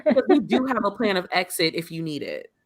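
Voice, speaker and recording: A woman's voice: fairly low pitch, fairly quick. A woman co-hosting a podcast in casual chat, telling stories and acting out quotes. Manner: animated storyteller, acts out quotes. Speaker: podcast co-host.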